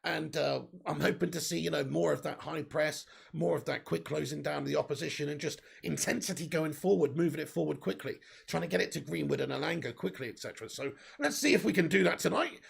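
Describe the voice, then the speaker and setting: A man with a sore throat, hosting a live football watch-along and reading out viewer comments in an excitable way. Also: fairly high pitch, fast, vocal fry, hardly any pauses, slightly rough. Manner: excitable, swears, bursts into cheers.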